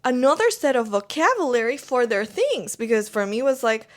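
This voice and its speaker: Argentinian woman, spanish accent kinda mixed with colombian, higher voice, chatting casually on a podcast. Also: sing-song, brisk. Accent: Argentine Spanish, blended with Colombian. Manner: chatty, acts out quoted people. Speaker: podcast co-host. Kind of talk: casual conversation.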